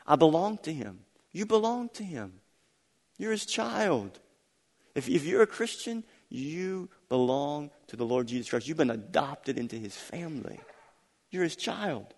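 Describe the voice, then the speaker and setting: A middle-aged man preaching a sermon, repeating phrases and swinging between quiet, intimate stretches and loud, emphatic climaxes. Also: medium pitch. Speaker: pastor. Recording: long hall reverb.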